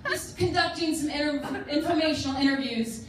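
A woman's voice: high-pitched, lively intonation, normal speed, crowd noise. A woman doing a stand-up set in a flirty, giggly, self-mocking way. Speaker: stand-up comedian. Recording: very echoey, distant, noisy room.

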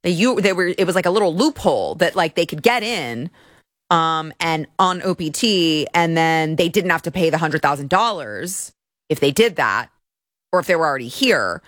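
A young woman hosts a commentary show with a lowish voice and a biting, sarcastic edge. She mocks and scoffs as she talks. The sound is dry and close, with no room around it. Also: animated, moderate pace, fairly bright tone, no echo. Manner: sarcastic, mocking. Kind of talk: opinionated commentary.

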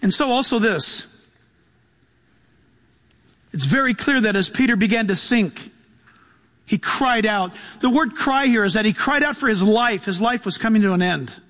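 Man, high voice, pastor preaching, laughing, storytelling sermon. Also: expressive, normal speed, pauses often, a bit bright. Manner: storytelling with humor, laughing often.

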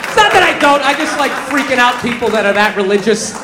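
High-pitched comic guy rambling on stage, yells sometimes, audience laughing, noisy. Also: animated, fast. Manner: rambling, confessional, bursts into shouting. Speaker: stand-up comedian. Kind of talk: stand-up comedy set. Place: comedy club stage. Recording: roomy live club with crowd laughter.

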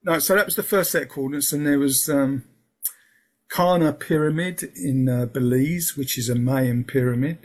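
Gravelly, husky man rambling in casual talk. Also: mid-range voice, moderate pace, darkish tone. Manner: rambling, restarts often, fills with um and yeah. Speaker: guest. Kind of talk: casual interview chat. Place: lives in England.

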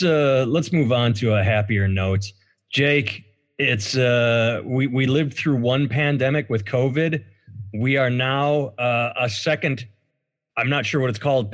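A man hosting a casual podcast, reading out news stories with sarcastic asides. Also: medium pitch. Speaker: podcast host.

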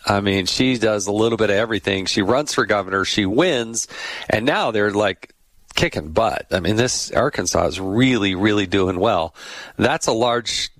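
A man's voice: on the low side, fairly bright tone, dry recording. A middle-aged man hosting a podcast, chatting casually, laughing and acting out voices in his stories. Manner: chatty, laughs often, acts out quoted voices. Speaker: podcast host. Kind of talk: casual interview chat.

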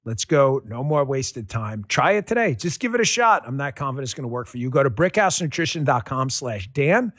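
A man's voice: medium pitch, big pitch swings, brisk, hardly any pauses, fairly bright tone, slightly rough, no room sound, clean studio sound. A middle-aged man giving a folksy, emphatic spoken radio ad about his own experience. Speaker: product endorser.

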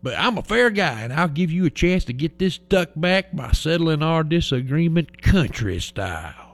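Man doing a slow, sly farmer. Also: fairly high pitch, very animated. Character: big country farmer man, sly and unbudging.

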